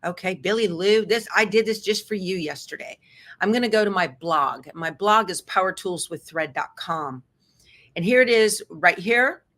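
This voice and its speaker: Woman, cheerful sewing-stream host, casual chatter, quick laughs, home sewing room. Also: mid-range voice, expressive, a bit bright. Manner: chatty, upbeat, laughs often. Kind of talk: casual live-stream chat.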